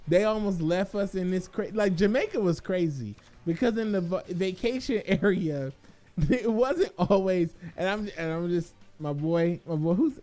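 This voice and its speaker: Young man, high voice, animated storytelling rant, swearing, faint music behind.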